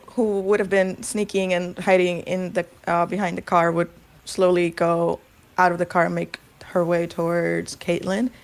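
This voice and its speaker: A woman playing a tabletop role-playing game, talking tentatively with fillers. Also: on the low side. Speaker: player.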